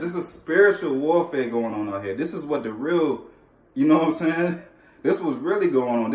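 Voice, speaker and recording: A man's voice: medium pitch, a little mellow. Man, earnest casual testimony, slangy, repeats himself, roomy echo, distant mic. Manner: earnest, repetitive, slangy, often restarts phrases. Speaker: vlogger sharing a faith testimony. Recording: echoey room, distant mic.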